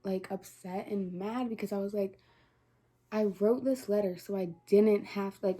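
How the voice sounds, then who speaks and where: Teen girl vlogging, chatty with lots of likes, soft mellow voice, kinda teary. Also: medium pitch, slightly rough. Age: teens. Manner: chatty, many likes and quoted dialogue. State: near tears. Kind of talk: casual storytelling to camera.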